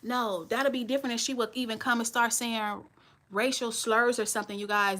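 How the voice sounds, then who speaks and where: A woman's voice: on the high side, normal speed, pushed and bright. A woman in her forties hosting a live stream, talking bluntly and straight to her viewers. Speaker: channel host.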